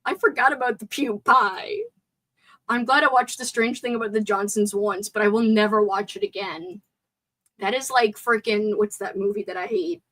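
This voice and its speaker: A woman hosting a casual live stream movie chat with a sore throat. She is chatty and excitable, and reads viewer comments aloud. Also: a little high, moderate pace, rough recording.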